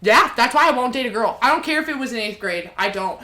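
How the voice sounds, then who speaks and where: A young woman co-hosting a podcast, telling stories with lots of swearing and loud acted-out quotes. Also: a little high, fast talker. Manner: animated storyteller, swears freely, acts out quotes loudly. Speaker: podcast co-host. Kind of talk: casual chat.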